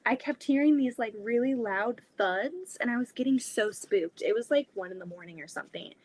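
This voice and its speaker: A woman's voice: on the high side, rough recording. A young woman, hosting a live quilting stream from her basement sewing room, chatting casually with lots of fillers and giggles. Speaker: quilting livestream host.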